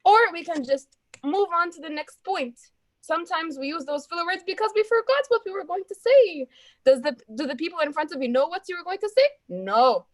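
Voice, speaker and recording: A woman's voice: very high voice, animated, fairly quick, no echo, rough recording. A woman reports filler-word counts to her speaking club in a chatty, encouraging way and calls people dear. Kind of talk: friendly report and breathing exercise.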